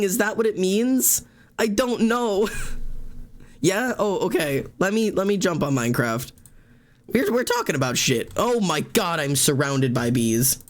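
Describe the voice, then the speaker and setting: A man live-streaming, chatting casually and rambling while gaming, swearing freely and laughing often into a desk microphone. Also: sits high.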